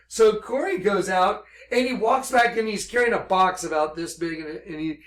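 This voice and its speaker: A man giving an impassioned religious monologue, intense and excitable, reading scripture slowly and emphatically, then telling his story at a rush. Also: high-pitched, echoey room. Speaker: religious speaker.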